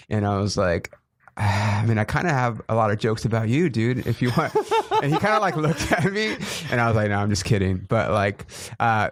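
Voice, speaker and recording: A young man hosting a casual podcast, a comedian telling animated stories and acting out quotes with laughter. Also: lowish voice, dry recording, studio quality. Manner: animated storytelling, acts out quotes, laughs often. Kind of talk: casual chat.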